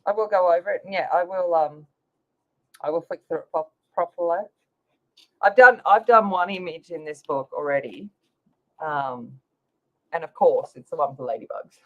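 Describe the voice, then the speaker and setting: A woman's voice: lowish voice, moderate pace, long pauses, a bit bright. A woman hosting a casual livestream, chatting with viewers by name while she colors. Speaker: livestream host. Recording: slightly dull lo-fi sound.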